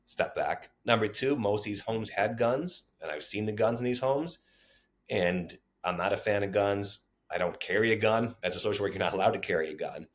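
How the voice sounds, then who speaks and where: A man with a deep, low voice talks through memories from his years in child welfare work. He tells them in an interview, animated, and slips into the voices of the people he quotes. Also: brisk. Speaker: former child welfare social worker. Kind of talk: storytelling interview.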